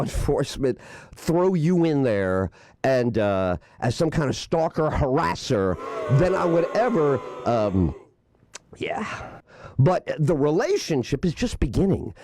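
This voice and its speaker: High-voiced guy radio host, swoopy and sarcastic, cussing at a caller. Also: gravelly, a little mellow, no room sound, studio quality. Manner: sarcastic, combative, profane, repeats the caller's name. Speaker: radio talk show host. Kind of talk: on-air exchange with a prank caller.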